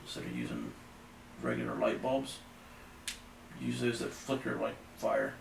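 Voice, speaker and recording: Gravelly man, distant in a roomy house. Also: mid-range voice, big pitch swings, measured pace. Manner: easygoing, thoughtful, fillers. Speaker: paranormal investigator. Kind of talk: live investigation chat. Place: his own old house at night, indoors. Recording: roomy, distant, faint background noise.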